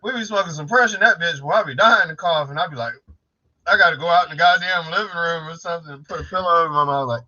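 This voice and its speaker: A man's voice: fairly high pitch, fast, sharp tone, highs cut off. A man co-hosting a late-night livestream, joking profanely and mimicking people in casual chat. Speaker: livestream co-host. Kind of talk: casual bar-style chat.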